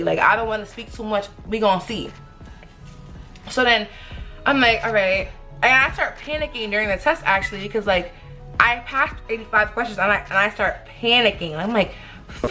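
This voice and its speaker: A young woman telling viewers a story in a casual, animated vlog, talking straight to them. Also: mid-range voice. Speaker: vlogger.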